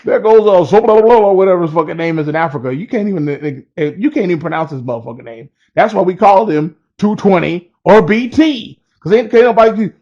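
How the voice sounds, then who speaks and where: Guy rambling through a story, cussing and chuckling, kinda high voice, muffled lo-fi sound. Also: lively intonation, quick pace, few pauses, darkish tone. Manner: profane, chuckling, loose and rambling. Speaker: storyteller vlogger.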